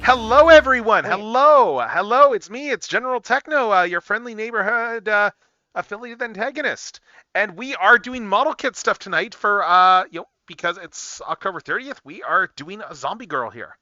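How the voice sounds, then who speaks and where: A male livestream host with a high, sharply bright voice talks casually as he works, rambling and thinking out loud with bursts of excitement. The recording is a little dull and lo-fi, with a dry sound and no room echo. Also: moderate pace. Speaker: livestream host building model kits.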